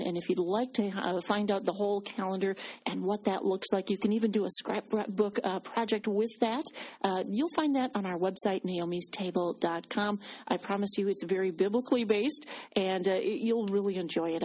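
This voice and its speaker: A woman's voice: medium pitch, steady tone, a little fast, a little mellow. A woman co-hosting a faith-based radio talk program. She talks in a loose, rambling way, full of fillers and false starts. The sound is a plain studio setup. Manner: chatty, many fillers and restarts. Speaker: radio co-host. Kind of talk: casual Christian radio talk.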